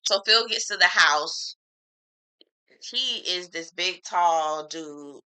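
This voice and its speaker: A woman's voice: fairly low pitch, slow, pushed and bright, clear, resonant tone, rough recording. A woman giving a casual, opinionated recap of a reality TV episode, talking frankly with slang and strong opinions. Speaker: TV reviewer.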